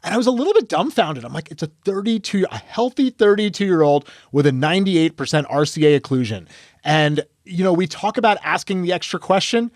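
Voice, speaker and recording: A man's voice: high voice, animated, a little fast, no echo, studio quality. A man, an emergency physician, telling a case story on a medical podcast and acting out the dialogue.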